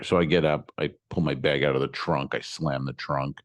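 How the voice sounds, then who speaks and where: A man's voice: very deep voice, steady tone, brisk. A man co-hosting a comedy podcast, telling a travel story casually and acting out both sides of the exchanges with exasperation. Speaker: podcast co-host.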